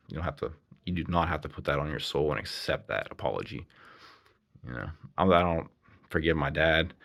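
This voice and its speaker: Man, very low voice, middle-aged, rambling, earnest, casual vlog story. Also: creaky, fairly bright tone. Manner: rambling, earnest, restarts and drifting asides. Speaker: channel owner telling a personal story.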